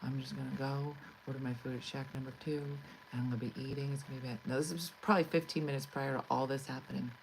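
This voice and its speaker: Low-voiced woman comic ranting thru a story, acts out everybody, faint noise behind. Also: fast talker, creaky, hardly any pauses, low-quality recording. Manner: animated, exasperated storytelling with acted-out quotes. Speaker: comedian host. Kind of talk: storytelling monologue.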